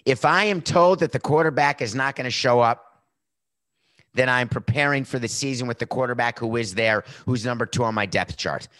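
A man's voice: medium pitch, a little fast, a bit bright, no echo. A middle-aged man hosting a sports talk show, giving a brash, sarcastic monologue with a tired, sore voice. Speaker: podcast host.

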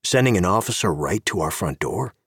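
A wary, terse male agent talks low and guarded, as a male narrator voices him. His voice carries a husky grain in an audio drama. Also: animated, brisk, no room sound, clean studio sound, full character voice. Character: gruff cigar-chewing male agent, wary.

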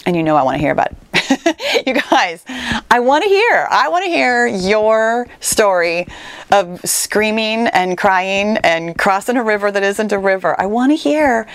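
A woman's voice: mid-range voice, gravelly, no echo. A woman hosting a fitness podcast, telling a personal story in an earnest, encouraging way and speaking straight to her listeners. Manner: earnest, encouraging, with quick retellings.

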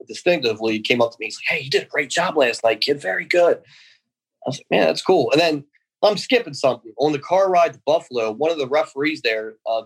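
Rambling, animated man telling stories. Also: mid-range voice, rough recording. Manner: rambling, animated, acts out quoted voices. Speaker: guest, former pro wrestler. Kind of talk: casual interview storytelling.

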